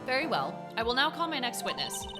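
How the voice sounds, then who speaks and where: A woman's voice: a little high, big pitch swings, brisk, loud music behind the voice. A woman voicing a haughty young female prosecutor with a cold, cutting manner.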